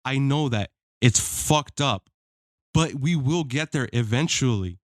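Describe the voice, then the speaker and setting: A man's voice: mid-range voice, expressive, unhurried, no echo, studio quality. A man co-hosting a podcast, pushing back insistently in a heated casual debate and swearing freely. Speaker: podcast co-host.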